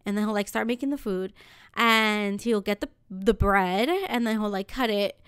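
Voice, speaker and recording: A woman's voice: mid-range voice, moderate pace, clear, resonant tone, no room sound, clean studio sound. A woman casually telling an exasperated story on a podcast, with lots of "like". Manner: exasperated, animated retelling with lots of "like".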